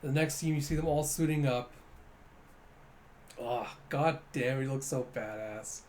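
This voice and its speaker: A man casually reading through a comic chapter and giving animated commentary, with quick asides. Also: medium pitch, slight background noise. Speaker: comic reader and reviewer.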